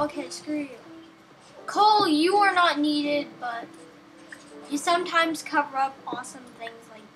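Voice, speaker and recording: A woman's voice: sits high, sharp tone, slight background noise, low-quality recording. A young woman giving casual, rambling gameplay commentary with a sarcastic streak, talking to herself and the game.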